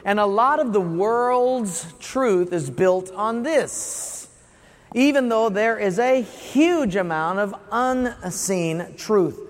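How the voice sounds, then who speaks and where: A male pastor with a high voice delivers a sermon in a church. He poses rhetorical questions and acts out short scenes in other voices. The recording carries the long reverb of a large hall.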